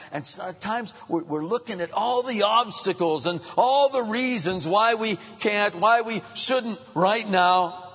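A man's voice: high-pitched, moderate pace, creaky, husky. Preacher man in a muffled echoing hall. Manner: dynamic, swings between hushed and raised. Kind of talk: sermon.

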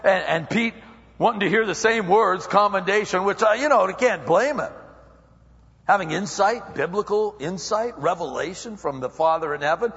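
A man preaches an animated sermon and acts out the people he quotes. His voice sits high and carries a long reverb through a large hall. The recording is dull and lo-fi. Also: normal speed. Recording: echoey hall, dull lo-fi sound.

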